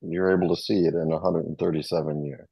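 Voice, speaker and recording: A man's voice: low-pitched, steady tone, fast talker, vocal fry, breathy edge, no room sound, lo-fi sound. A man in casual group chat, eagerly explaining fan trivia with filler ums. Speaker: regular panelist.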